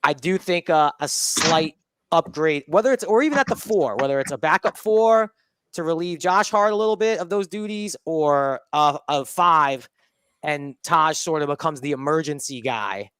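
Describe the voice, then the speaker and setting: A man's voice: a little high, moderate pace, a bit bright, smooth, no room sound. A man on a casual sports podcast, rambling and thinking aloud, hedging with fillers. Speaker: podcast guest panelist.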